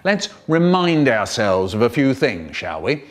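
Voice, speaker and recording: A man's voice: medium pitch, sing-song, unhurried. A man narrating an absurd comedic story in a jumpy way, now and then breaking into silly voices.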